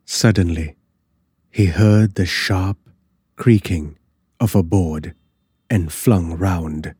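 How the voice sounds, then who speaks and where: A man slowly narrating a classic horror story in a measured, dramatic way. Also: low-pitched, dark tone, slightly rough, no echo, studio quality.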